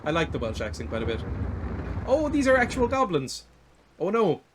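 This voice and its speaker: A man's voice: fairly high pitch, wildly swooping pitch, normal speed, background noise. A man with an Irish accent, giving casual, rambling, self-deprecating commentary while streaming a video game. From Ireland. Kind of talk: casual let's-play commentary.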